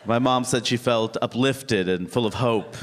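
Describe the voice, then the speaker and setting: A man's voice: medium pitch, measured pace, a crowd in the background. Man doing stand-up in a reverberant hall. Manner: animated storytelling, mimics other people. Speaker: stand-up comedian. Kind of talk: stand-up comedy set. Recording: live hall with reverb, faint noise.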